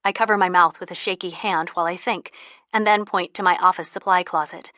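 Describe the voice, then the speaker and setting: A woman narrating a first-person audiobook in a soft, intimate manner, close to the mic. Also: fairly low pitch, fairly even intonation, brisk, no room sound.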